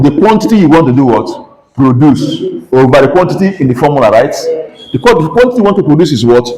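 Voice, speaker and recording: A man's voice: mid-range voice, a little mellow, poor audio. A Nigerian-accented man teaching pharmacy calculations in class, drilling students with constant call-and-response questions. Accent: Nigerian English. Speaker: pharmacy lecturer. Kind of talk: classroom lecture.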